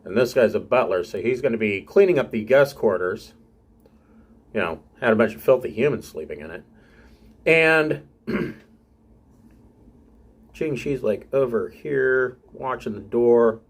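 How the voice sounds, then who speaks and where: A man narrating as game master of a tabletop game, unhurried and often clearing his throat. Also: medium pitch, lively intonation.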